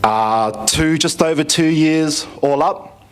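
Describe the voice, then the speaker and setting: A man's voice: on the high side, slow, clear, resonant tone. Easygoing New man telling a story. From New Zealand. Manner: relaxed storytelling, many fillers and restarts. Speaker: conference speaker giving a testimony. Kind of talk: personal testimony story.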